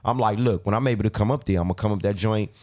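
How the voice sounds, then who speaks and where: A middle-aged man chatting casually as a podcast guest, relaxed and often repeating his words. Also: fairly low pitch, racing. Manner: laid-back, repeats himself while speaking.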